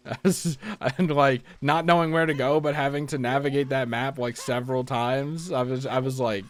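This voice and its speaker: A man's voice: mid-range voice, steady tone, moderate pace, dry recording. A man chatting casually while playing a video game, rambling and self-deprecating, often restarting his sentences as he thinks aloud. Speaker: let's play host. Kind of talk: casual gameplay commentary.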